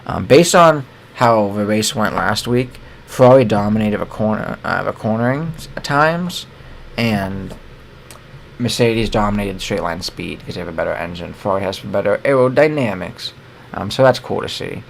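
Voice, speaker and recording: A young American man chatting casually about motor racing, loose and opinionated, tripping over his words and correcting himself as he goes. His voice sits low and a bit gravelly, with a faint hiss behind it. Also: animated, moderate pace. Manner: rambling and opinionated, with many fillers and self-corrections. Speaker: sports show co-host. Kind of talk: casual sports commentary.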